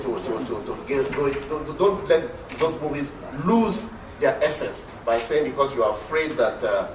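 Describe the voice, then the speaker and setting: A man on a panel at a film event, talking emphatically and repeating words. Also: mid-range voice. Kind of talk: panel discussion remarks. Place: large hall at a film event. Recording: echoey hall from far off with noise.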